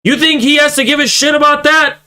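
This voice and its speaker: A high, bright-voiced young man does profane reaction commentary on his stream. He mocks what he hears and swears freely, his voice sharp and forceful as he works himself up. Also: steady tone, a little fast. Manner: mocking, swearing, growing heated. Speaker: political streamer reacting to clips.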